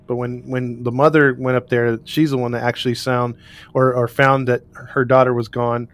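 A man's voice: medium pitch, level tone, moderate pace. A man co-hosting a casual chat, recounting a case in a rambling way with restarts and laughs. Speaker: podcast co-host recounting a case.

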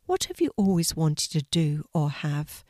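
A woman voicing a tiny, gentle fairy in a storybook, speaking in a soft, hushed, kindly way. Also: low voice, big pitch swings, a little slow, dry recording, clean studio sound.

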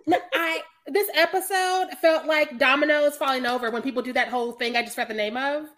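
Woman co-host, high bright voice, lively casual chat, laughs a lot. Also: brisk. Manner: animated, laughing often. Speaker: podcast co-host.

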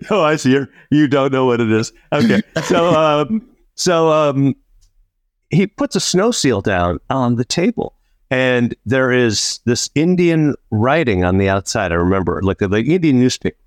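A man's voice: mid-range voice, a little slow, dry recording, clean studio sound. A man co-hosting a podcast, telling a story in casual chat, laughing often and acting out what people said. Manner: animated, laughing storyteller, acts out quotes. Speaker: podcast co-host.

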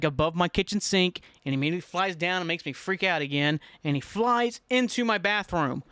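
A man's voice: high-pitched, dry recording. A man hosting a podcast, telling a funny story alone in a casual way, swearing and mocking himself. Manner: animated, swearing, self-mocking, acts out his own panic. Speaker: podcast host.

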